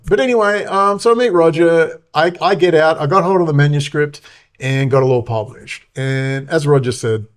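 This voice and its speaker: A man's voice: fairly high pitch, moderate pace. A middle-aged man, hosting a rambling monologue, heated and full of swearing and filler words. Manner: profane, heated, many fillers. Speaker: show host.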